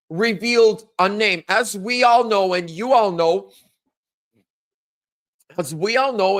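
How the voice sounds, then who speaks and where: Man, thirties, political talk host, casual monologue, lively delivery, jumps into high voices for quotes. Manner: animated, acts out quotes in a higher voice.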